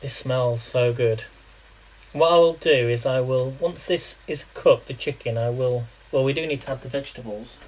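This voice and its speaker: A man's voice: medium pitch, normal speed, darkish tone, rough recording. Chatty man cooking live. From England. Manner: chatty, rambling, laughs often, quizzes viewers. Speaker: live-streaming home cook. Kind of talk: casual live cooking chat.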